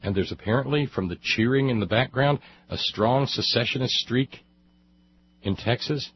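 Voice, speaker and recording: A man's voice: mid-range voice, moderate pace, dull audio, a little hiss or hum. A male radio talk host giving angry, sarcastic political commentary, rambling with restarts.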